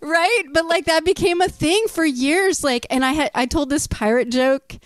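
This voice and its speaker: A chatty woman musician with a fairly high voice spins loose stories in an interview, full of fillers and restarts and quick to laugh. The sound is dry and close, with no room around her. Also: no room sound. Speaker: musician guest. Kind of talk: casual interview chat.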